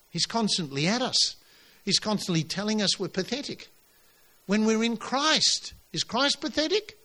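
Bright, forceful male preacher. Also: on the high side. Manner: emphatic, animated preaching with rising exclamations. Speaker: pastor. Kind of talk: sermon.

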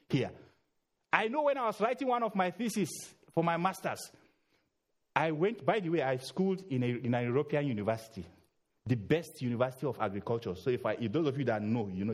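A middle-aged man preaching a sermon in a church, urging loudly, then dropping low. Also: slightly rough. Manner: emphatic, swings between loud urging and low murmurs.

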